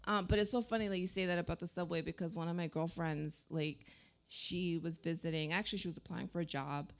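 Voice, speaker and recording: A woman's voice: lowish voice, fairly even intonation, a little fast. A woman in her thirties from New Jersey, hosting a casual radio chat show in a studio, talking loosely with lots of "like" and frequent laughs. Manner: chatty, heavy use of "like", laughs often. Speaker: host.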